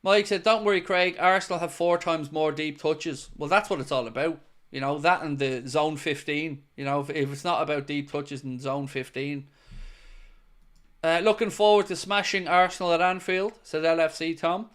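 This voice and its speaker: A man's voice: on the high side, steady tone, moderate pace, fairly bright tone. A man hosting a live football watchalong, mixing play-by-play with joking chat to his viewers. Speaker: host.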